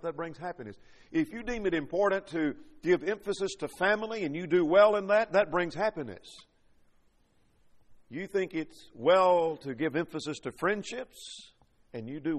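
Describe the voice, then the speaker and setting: A man's voice: on the high side, big-room sound. A man preaching a sermon, reading scripture and building points with rising and falling emphasis.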